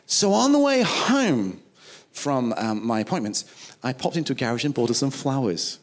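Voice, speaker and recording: A man's voice: mid-range voice, sing-song, moderate pace. A man preaching a sermon, emphatic and conversational, acting out little quoted dialogues. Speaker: pastor.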